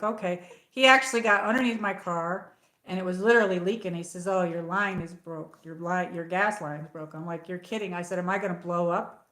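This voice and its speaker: A woman's voice: fairly low pitch, fairly bright tone. A woman hosting a casual livestream from home, telling a story with lots of fillers and restarts. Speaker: livestream host. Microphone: tablet. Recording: echoey room.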